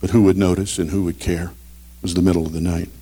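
A middle-aged man preaching a sermon, earnest and storytelling, swinging between loud emphasis and quiet. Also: low voice, level tone, fast. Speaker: pastor. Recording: long reverb of a large hall.

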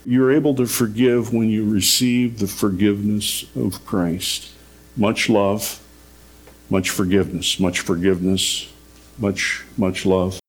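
A man's voice: lowish voice, fairly even intonation, slow pace. A man preaching a radio sermon, telling a story earnestly and rising in emphasis on his key points.

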